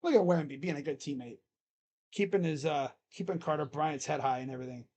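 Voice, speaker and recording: A streamer calling a basketball game live in a loose, chatty way, drifting into jokes and asides between plays. The voice sits at an ordinary middle pitch, and each play is called in slow, drawn-out words before it slips back into an easy ramble. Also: warm tone. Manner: rambling, joking, talks to himself between plays; drawn-out play calls during game action. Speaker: sports reaction streamer. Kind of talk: casual live play-by-play reaction.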